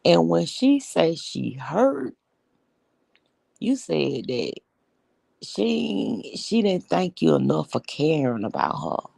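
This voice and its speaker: A woman's voice: deep voice, sing-song, takes it slowly, vocal fry, darkish tone, dry recording. A woman hosting a casual live stream, telling stories bluntly and with profanity as she greets viewers.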